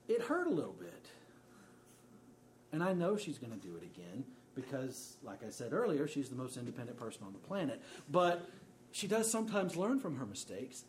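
A man in his thirties preaching in a relaxed, conversational way, with joking asides. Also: fairly high pitch, a little hiss or hum. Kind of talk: sermon.

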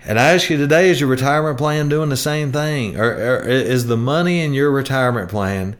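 A man hosts a retirement planning show in a relaxed, folksy style. His voice sits at an ordinary pitch, and his chatty, homespun delivery wanders through stories with frequent restarts. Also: fairly quick. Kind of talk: folksy radio talk.

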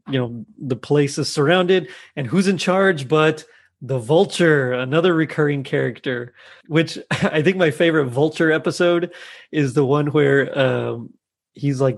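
A man's voice: mid-range voice, moderate pace, creaky. A man chatting casually as he retells a TV episode, laughing often as he goes. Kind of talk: casual chat recapping a TV episode.

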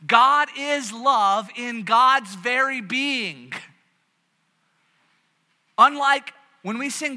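A man from the American South preaching a sermon, telling stories with animation and frequent restarts. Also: extremely high pitch. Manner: animated storytelling with many restarts. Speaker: pastor. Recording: long reverb of a large hall.

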